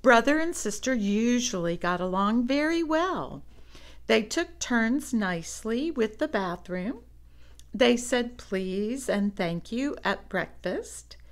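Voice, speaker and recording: A woman reading a children's storybook aloud, with animated asides to young listeners. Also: mid-range voice. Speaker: storybook reader.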